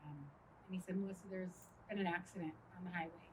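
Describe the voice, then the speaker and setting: A middle-aged woman speaking at a memorial, recounting a personal loss haltingly with many pauses and fillers. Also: on the low side, fairly even intonation, recorded from a distance, slight background noise, poor audio. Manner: halting, with frequent ums. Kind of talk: personal testimony speech.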